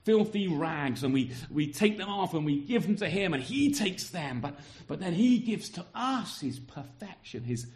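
A man preaching a sermon in a fairly high voice. He speaks earnestly and with emphasis, doubling back on words as he presses each point home. Parts of his talk are aimed at the children in the congregation. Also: expressive, normal speed, hardly any pauses, darkish tone.

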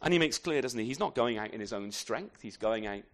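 A man's voice: medium pitch, lively intonation, brisk. A man preaching an expository sermon in a conversational way, often turning his points into tag questions and adding self-deprecating asides.

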